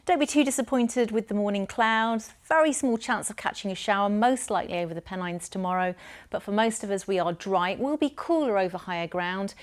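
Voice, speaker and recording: A woman weather presenter talks through the forecast in a chatty, upbeat manner. Her voice sits in a middle pitch. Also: fairly quick.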